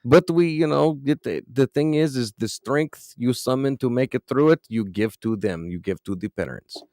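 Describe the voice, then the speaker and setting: A man's voice: mid-range voice, moderate pace, mellow, no room sound. A man co-hosting a podcast, joking, teasing and acting out quotes in casual chat. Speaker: podcast co-host.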